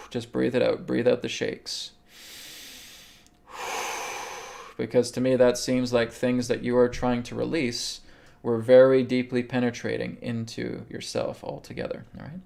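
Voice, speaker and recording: A man hosting a live show, calmly guiding a healing meditation and answering viewers' questions, often checking in with "okay". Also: mid-range voice, slow pace, creaky, pauses often. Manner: calm, instructive, repeats okay. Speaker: host and spiritual healer.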